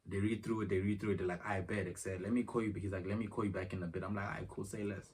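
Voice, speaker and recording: A man's voice: deep voice, fairly even intonation, very fast, a little mellow. A young man telling a rambling, slangy story in a casual vlog, acting out the back-and-forth of conversations, filmed at home on his phone. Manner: rambling, slangy, retells exchanges in dialogue. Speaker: vlogger. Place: room at home. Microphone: phone camera. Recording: distant phone mic, faint noise.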